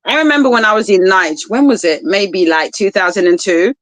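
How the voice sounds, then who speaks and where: A woman's voice: mid-range voice, a little fast, fairly bright tone, no room sound, poor audio. A woman on a casual panel chat, a passionate speaker who tells stories with chatty asides. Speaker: panel guest.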